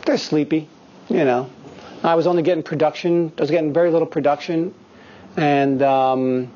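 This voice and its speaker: In a somewhat dull lo-fi recording, a man in his fifties visits an acting studio as a guest actor and shares frank, foul-mouthed stories with the students. He is an animated storyteller with a fairly high voice at a normal speed.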